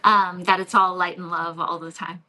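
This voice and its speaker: A woman energy healer talking in a relaxed podcast interview, reflective and loose, with many fillers and light laughs. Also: fairly low pitch, moderate pace, rough recording. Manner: warm, reflective, frequent fillers and soft laughs. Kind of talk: casual interview talk.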